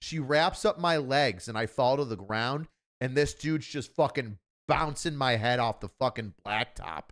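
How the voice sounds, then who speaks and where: An ex-cop man hosts the chat in a voice of middling pitch. He talks bluntly, with plenty of swearing and dry joking asides. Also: measured pace, fairly bright tone. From Buffalo, New York area. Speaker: host, former police officer. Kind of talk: casual storytelling.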